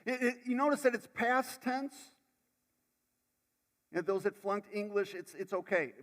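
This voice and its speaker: Guy preaching in a church, voice on the high side, big hall echo, gets loud then drops to almost nothing. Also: normal speed. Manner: dramatic, swinging from loud to hushed, repeats words. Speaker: pastor. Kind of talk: sermon. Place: church sanctuary. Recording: long church hall reverb.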